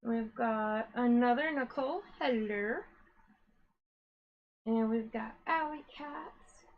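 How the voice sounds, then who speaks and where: A woman's voice: on the high side, slow pace, highs cut off. A woman hosting a yarn-dyeing live stream, chatting casually, greeting viewers one by one and a little out of breath. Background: a dog whining now and then.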